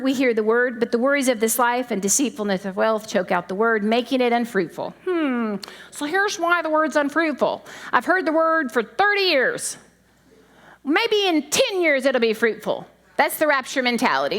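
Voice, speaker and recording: Middle-aged female preacher, conversational sermon, high voice with a wide, lively pitch range. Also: normal speed. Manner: animated, conversational, laughing asides. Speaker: pastor's wife preaching.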